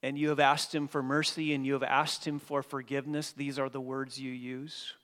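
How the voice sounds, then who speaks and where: A man preaching a sermon as pastor, dynamic, swinging from hushed passages to emphatic ones. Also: mid-range voice, level tone, normal speed. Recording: long hall reverb.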